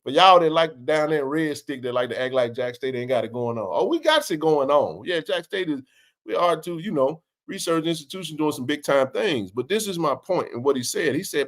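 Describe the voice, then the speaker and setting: Animated slangy man hosting a sports chat. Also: on the high side, brisk. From Mississippi. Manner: animated storyteller, slangy and emphatic. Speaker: show host.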